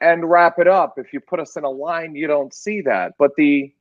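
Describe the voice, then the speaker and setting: This man, co-hosting a sports podcast, tells meandering stories and gets worked up arguing over who's the toughest. His voice sits at a medium pitch, and the audio is dull but free of echo.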